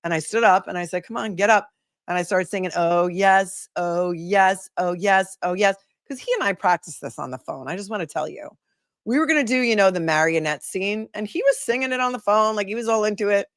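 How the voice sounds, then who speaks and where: A woman's voice: on the low side, no echo, studio quality. A middle-aged woman hosting a livestream, reading viewer comments aloud and chatting back to them. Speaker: livestream host.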